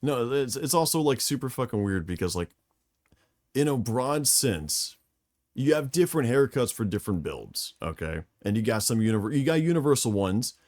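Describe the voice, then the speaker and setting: A man co-hosting a podcast, talking casually in an animated, profane, joking way. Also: medium pitch, moderate pace. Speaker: podcast co-host. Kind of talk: casual chat.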